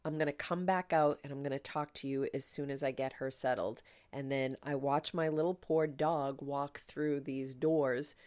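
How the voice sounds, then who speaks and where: A woman's voice: a bass voice, fairly even intonation, moderate pace, few pauses, a little mellow. A woman podcast host telling a personal story in a candid, emotional, chatty way, full of fillers.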